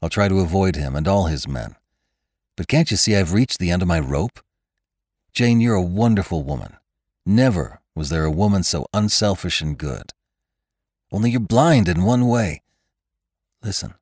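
A man's voice: low-pitched, animated, normal speed, pauses often, a little mellow, no room sound, clean studio sound. A man voicing a bitter, hot-blooded young cowboy who speaks in clipped, intense phrases.

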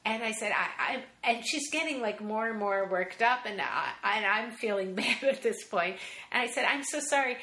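A woman comedian telling an animated story as a podcast guest, acting out the people she quotes and laughing often. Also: mid-range voice, moderate pace, echoey room. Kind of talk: anecdote in casual interview.

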